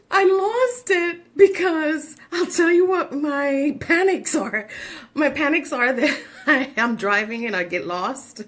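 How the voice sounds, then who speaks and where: A woman's voice: sits high, takes it slowly, pauses often, fairly bright tone. A middle-aged woman hosting a show, chatting casually in a bubbly, giggly, rambling way. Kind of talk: casual chat.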